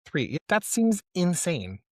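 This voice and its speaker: A man's voice: high-pitched, huge pitch swings, takes it slowly, a little mellow, no echo. Chatty mid-voiced man, dry mic. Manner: chatty, teasing, full of "like" fillers. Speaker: podcast co-host. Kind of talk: casual chat.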